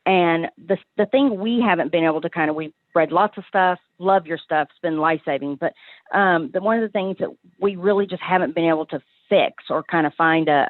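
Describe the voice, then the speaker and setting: A woman caller asking for advice, talking in a hesitant, halting way with many restarts. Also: sits low, no echo. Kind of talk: call-in advice conversation. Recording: tinny phone line.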